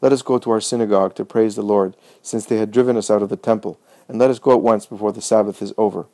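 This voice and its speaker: A man voicing an old father, speaking low, calm and firm. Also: fast talker, dry recording, close to an everyday voice. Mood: resolute.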